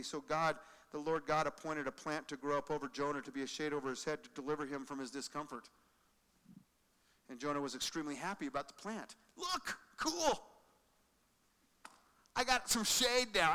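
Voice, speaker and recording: Preacher with a bright voice in a reverberant hall. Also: male voice, fairly high pitch, clean tone. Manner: animated, acts out quoted lines, drops to quiet emphasis. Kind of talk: sermon. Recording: long reverb of a large hall.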